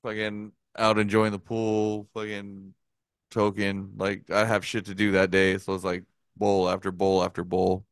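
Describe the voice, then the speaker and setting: A man's voice: on the low side, completely flat delivery, a little slow, clean tone, no echo. A man casually telling a story, rambling with lots of swearing and filler words. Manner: profane, rambling, many fillers. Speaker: podcast co-host telling a story.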